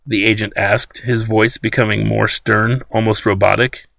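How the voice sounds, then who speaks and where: Creaky-voiced male audiobook narrator. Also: on the low side, flat delivery, moderate pace, hardly any pauses, bright, forceful tone, no echo.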